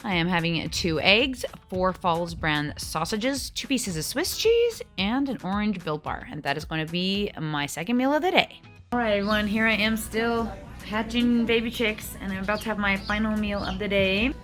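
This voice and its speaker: A woman's voice: medium pitch, lively intonation, normal speed, a bit bright, soft background music. A woman in her forties chatting casually in a diet vlog, rambling as she lists out her meals. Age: 40s. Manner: chatty, rambling, counts out food amounts. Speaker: vlogger.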